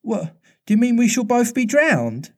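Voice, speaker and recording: A man's voice: sits high, very animated, unhurried, warm tone, slightly rough, pitched above the performer's own voice, exaggerated voice. A man reading aloud, voicing a frightened but brave young girl in a raised, lighter voice. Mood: anxious.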